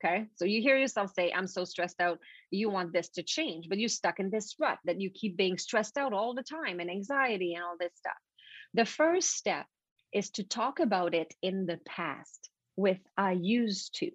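A French Canadian woman, a native French speaker, explaining a mindset technique as a podcast guest in an animated, repetitive way. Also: medium pitch, moderate pace, slightly rough, dry recording. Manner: animated, repetitive, stumbling restarts. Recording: dull lo-fi dry recording.

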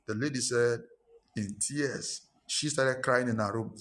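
A man's voice: measured pace, fairly bright tone. Emphatic Ghanaian preacher man. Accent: Ghanaian English. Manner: emphatic, repetitive preaching that rises in pitch and force. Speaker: pastor. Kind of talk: sermon.

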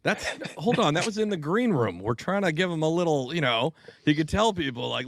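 Teasing man with a gravelly voice. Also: a little high, very animated, fairly quick, no room sound. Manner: teasing, joking ribber. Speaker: podcast co-host. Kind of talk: casual banter.

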